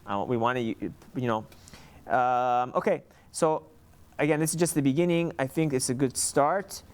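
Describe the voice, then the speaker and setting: A man giving an informal lesson on Hebrew letter sounds, sounding them out slowly and often restarting his sentences. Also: mid-range voice, clear, resonant tone. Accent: Sephardic Hebrew pronunciation. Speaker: Hebrew reading teacher.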